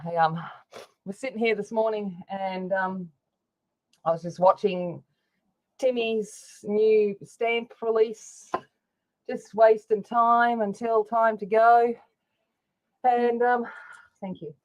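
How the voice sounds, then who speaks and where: A woman's voice: a little high, fairly even intonation, slow pace, long pauses, a little mellow. A woman hosting a livestream from her home craft room, chatting casually with lots of fillers and sounding a little out of breath. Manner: chatty, rambling, with many fillers. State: slightly out of breath. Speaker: livestream host.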